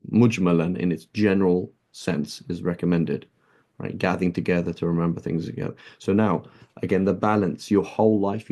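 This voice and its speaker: A man delivers a conversational religious lesson in English sprinkled with Arabic terms. His voice is low and mellow with a gravelly fry, and he keeps checking in with his listeners through a rhetorical "right?". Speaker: Islamic teacher.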